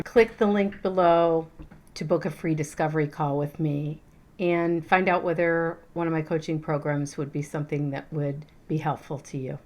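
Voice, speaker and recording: A middle-aged woman, a spiritual teacher and coach, talking casually to her viewers, chatty and animated, with plenty of fillers and restarts. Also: low-pitched. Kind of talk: casual teaching talk to camera.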